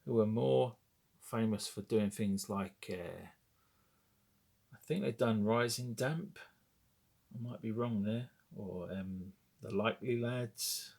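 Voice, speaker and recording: Husky rambling British man in his forties. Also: lowish voice, slow, a little mellow. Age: 40s. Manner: rambling, self-correcting, wry. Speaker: collector showing memorabilia. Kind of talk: casual chat.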